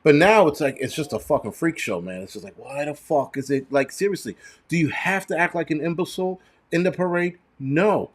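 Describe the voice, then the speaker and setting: Blunt, foul-mouthed middle-aged man. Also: on the high side. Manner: blunt, profane, rambling. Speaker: channel host. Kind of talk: casual livestream chat answering viewers.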